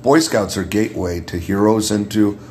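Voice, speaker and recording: A man with a deep radio voice, a guest in a casual podcast chat, who often repeats words as he starts a thought. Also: moderate pace, a little mellow, a little hiss or hum. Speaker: guest, makeup artist.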